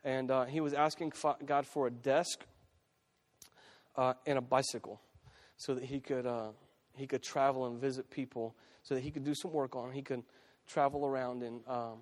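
Pastor preaching in an echoing hall. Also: male voice, medium pitch, steady tone, moderate pace. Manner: conversational preaching, frequent restarts and repeated phrases. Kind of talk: sermon. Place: church sanctuary. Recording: long reverb of a church hall.

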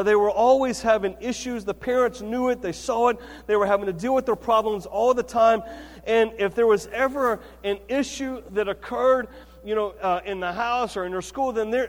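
Speaking at a moderate pace with fairly even intonation, this man delivers a chatty, story-driven sermon, often saying "okay" and "right" as he checks in with his congregation. His voice is high for a man, and a long reverb suggests a church sanctuary.

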